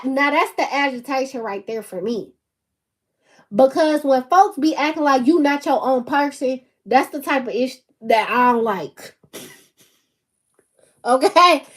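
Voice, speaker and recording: A woman's voice: sits high, a little slow, pauses often. A woman, hosting her own channel and talking casually and emphatically to camera, laughing often. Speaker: channel host.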